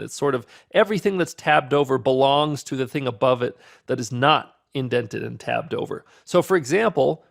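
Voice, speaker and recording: A man walks beginners through a programming lesson, upbeat and patient as he explains each step. His voice sits a little high, with a gravelly fry running through it. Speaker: programming instructor. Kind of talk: screen-recorded coding tutorial.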